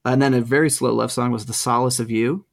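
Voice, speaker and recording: A man's voice: mid-range voice, steady tone, a little fast, vocal fry. A middle-aged man co-hosting a podcast, talking casually and hesitantly with lots of ums and restarts. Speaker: podcast co-host. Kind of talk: casual chat.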